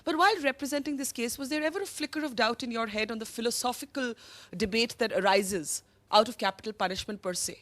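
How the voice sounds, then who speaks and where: A woman, moderating a televised panel debate with articulate, measured questions. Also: on the high side, a bit bright, no room sound. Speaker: host.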